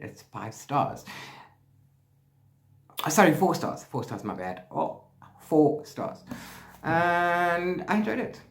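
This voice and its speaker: A man vlogging about his reading, chatting casually and often correcting himself mid-sentence. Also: mid-range voice. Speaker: book vlogger. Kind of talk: casual book review chat. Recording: roomy echo.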